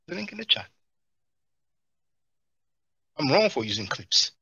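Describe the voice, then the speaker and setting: A man's voice: on the high side, a little slow, vocal fry, breathy edge, dry recording, clean studio sound. A man hosting a live stream, reading chat and mocking the video clips he plays. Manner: mocking, animated, answers chat comments.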